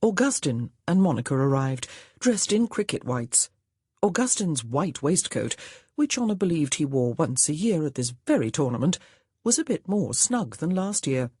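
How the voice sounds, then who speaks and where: A woman narrating a historical romance audiobook, expressive and voicing each character. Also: sits low, moderate pace, slightly rough, no echo, studio quality. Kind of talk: scripted narration.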